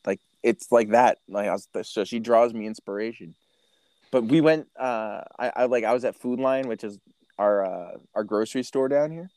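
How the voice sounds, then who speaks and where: A man in his thirties hosting a podcast, telling stories in a casual, animated way, swearing and acting out what people said. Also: medium pitch, moderate pace, no echo. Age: 30s. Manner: animated storyteller, swears, acts out quotes. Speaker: podcast host. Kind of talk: casual chat.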